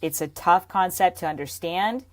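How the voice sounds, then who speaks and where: A woman's voice: lowish voice, moderate pace. A woman fitness coach teaching to camera, pressing her points hard and checking in with "okay?" and "right?" after nearly every idea. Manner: emphatic, repeats points with frequent "okay?" and "right?".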